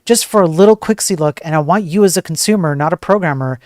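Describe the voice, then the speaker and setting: Blunt ranting tech news host. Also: male voice, fairly high pitch, quick pace, no echo, studio quality. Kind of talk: casual live-stream commentary.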